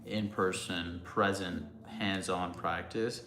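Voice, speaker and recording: A man's voice: deep voice, fairly even intonation, slow, background noise. A young man casually chatting on a livestream, answering chat in a loose, rambling way with lots of fillers. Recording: roomy sound with music behind.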